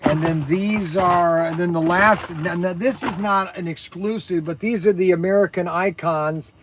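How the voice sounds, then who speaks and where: An energetic man hosts a casual livestream about his shop's products. His voice sits high, and he rambles with frequent fillers and self-corrections. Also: normal speed, background noise. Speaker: host and shop owner.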